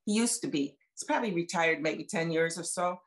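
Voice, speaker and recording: A woman's voice: on the low side, lively intonation, fairly quick. Chatty woman in her seventies telling stories. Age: 70s. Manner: chatty, folksy, retells conversations with emphasis. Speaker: guest speaker sharing testimony. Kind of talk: personal testimony storytelling. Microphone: video call.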